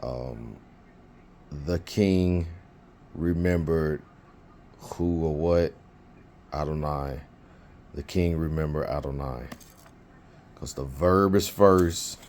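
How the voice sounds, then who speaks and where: A man's voice: very deep voice, slow pace, pauses often, a little mellow, slight background noise. A man teaching biblical Hebrew in an informal lesson, thinking aloud with fillers and restarts.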